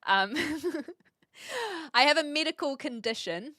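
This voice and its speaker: A woman's voice: sits high, expressive, slow, pushed and bright, no room sound, studio quality. A woman with a light New Zealand accent, chatting casually with her live chat from her home streaming room into a stand mic, giggly and self-mocking. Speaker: Twitch streamer.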